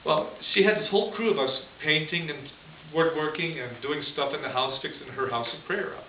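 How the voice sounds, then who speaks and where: A priest with a voice on the high side tells a story during a homily, talking fairly quickly. He's chatty and chuckles often, captured in a distant, echoey lo-fi room recording with hiss.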